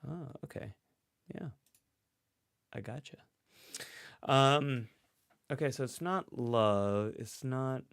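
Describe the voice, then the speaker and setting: A man's voice: medium pitch, lively intonation, slow, vocal fry, long pauses, smooth, no room sound. A man hosting a casual livestream, thinking aloud and reading out chat comments. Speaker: host and psychologist. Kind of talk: casual livestream guessing game.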